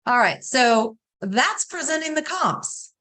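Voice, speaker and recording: A woman's voice: high-pitched, big pitch swings, slow, bright, forceful tone. Woman coaching a sales class. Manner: coaching, acts out client scripts, asks class questions. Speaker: real estate sales trainer. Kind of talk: class lecture with role-played scripts.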